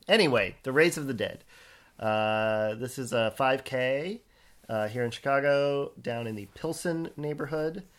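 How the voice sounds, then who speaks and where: Male podcast co-host, slow and halting delivery, lots of filler pauses. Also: mid-range voice, a bit bright. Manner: hesitant, many filler pauses. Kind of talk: casual podcast chat.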